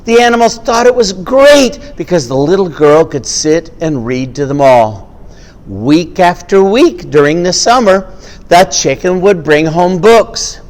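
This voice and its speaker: A man's voice: sits high, animated, unhurried, a little mellow, big-room sound. A man telling a family story with puppets, acting out the animal sounds as he goes.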